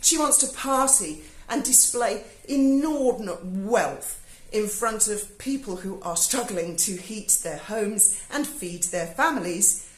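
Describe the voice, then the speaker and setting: A woman's voice: medium pitch, lively intonation, takes it slowly, reverberant, low-quality recording. A British woman, giving a sarcastic, sweary video review monologue. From Britain. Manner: sarcastic, swears freely, mocking asides. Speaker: YouTuber. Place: home in Spain.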